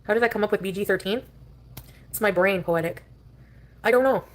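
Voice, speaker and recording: A woman talks to her livestream audience in a loose, rambling way. She jumps between topics mid-thought. Her pitch sits in a plain middle range. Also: fairly quick. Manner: scattered, chatty, drifting between topics.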